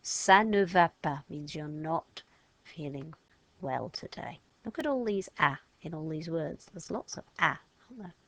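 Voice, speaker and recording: A woman leads a gentle phonics lesson for young learners. She speaks very slowly, with a low, gravelly voice, and draws out each sound she demonstrates. The recording is close and dry. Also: lively intonation, dry recording. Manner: slow, patient, modelling sounds aloud and stretching words. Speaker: French teacher. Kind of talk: step-by-step phonics lesson for children.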